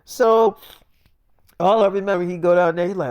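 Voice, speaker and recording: A man improvising a profane, animated story, acting out every character's lines himself. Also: sits high, normal speed, long pauses, smooth.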